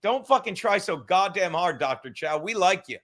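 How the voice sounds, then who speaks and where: A high, bright-toned man with a New York accent rants through a livestream podcast. He swears constantly and wanders off on tangents. His voice jumps from shouting at viewers to low, mumbled asides. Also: expressive, moderate pace. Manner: loud, swearing, rambling, shifts from shouting to mumbling. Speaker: podcast host. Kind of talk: profane livestream rant.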